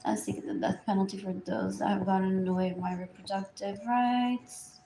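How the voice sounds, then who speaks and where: A woman's voice: medium pitch, steady tone, moderate pace, creaky, dark tone, a little hiss or hum. Rambling woman in an echoey room. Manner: repetitive, drifting, often trailing into murmurs. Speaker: livestreamer. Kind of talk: rambling live stream monologue. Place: indoors at home. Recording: roomy echo.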